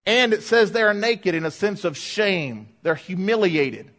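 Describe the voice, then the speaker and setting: A man preaching a sermon in a church, emphatic, swinging from quiet asides to loud, fired-up lines. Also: sits high, lively intonation, a little slow. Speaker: pastor.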